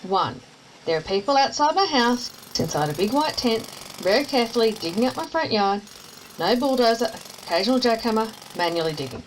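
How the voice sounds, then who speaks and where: A woman's voice: a little high, slight background noise, close to an everyday voice, rough recording. An actress with an Australian accent playing a spirited, blunt young woman in an audio drama. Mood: determined. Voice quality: brisk, bossy, lively. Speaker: companion character in an audio drama.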